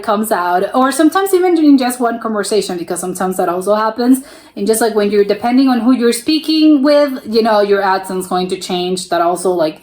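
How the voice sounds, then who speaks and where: A woman's voice: mid-range voice, a little mellow. An American woman hosting a reaction video, musing aloud in a chatty, rambling way with many restarts. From United States. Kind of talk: casual reaction commentary.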